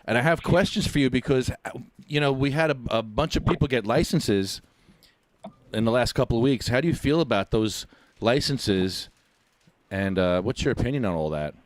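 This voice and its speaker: A man's voice: medium pitch, animated, normal speed, no echo. A man with a New Jersey accent co-hosting a podcast, asking a caller loose, friendly, rambling questions. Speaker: podcast co-host. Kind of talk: casual interview chat.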